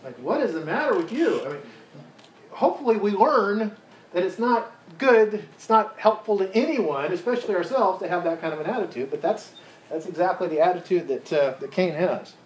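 A man's voice: high voice, lively intonation, brisk. Chatty man teaching a Bible study. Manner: chatty, asks the group questions, many restarts. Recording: roomy echo, faint background hiss.

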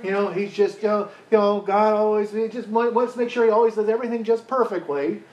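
A man's voice: high-pitched, fairly even intonation, quick pace, darkish tone, lo-fi sound, close to an everyday voice. A man putting on a jealous, whiny Cain. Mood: jealous sulking. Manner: whiny, indignant, mocking rant. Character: resentful jealous biblical man, sulking. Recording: roomy echo, faint background hiss.

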